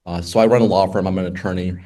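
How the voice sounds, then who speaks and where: Man telling a lively personal testimony. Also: low-pitched, rapid-fire. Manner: storytelling, acts out quoted dialogue with many asides. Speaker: attorney sharing a testimony. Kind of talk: personal testimony at a group meeting.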